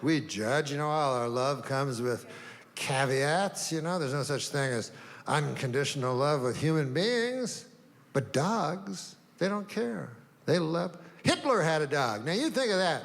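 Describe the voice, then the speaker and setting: A middle-aged man doing a stand-up routine in a deadpan, rambling way, halting and restarting, with an audience laughing. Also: a little high, gravelly. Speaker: stand-up comedian. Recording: live hall with crowd noise.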